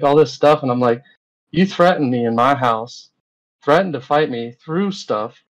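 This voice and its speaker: A man's voice: mid-range voice, moderate pace, poor audio. A man, a guest in an interview, recounting events in a rambling, casual way full of fillers and retold dialogue.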